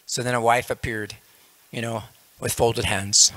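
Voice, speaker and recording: A man's voice: medium pitch, steady tone, unhurried, bright, forceful tone. A man leading a religious class, telling a parable casually, with frequent "you know" fillers. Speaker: lecturer in a temple class.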